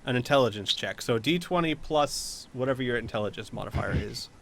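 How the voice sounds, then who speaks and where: A man's voice: medium pitch, brisk, creaky, a bit bright, a little hiss or hum. Hesitant man narrating a tabletop game. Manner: hesitant, filler-heavy narration. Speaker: game master.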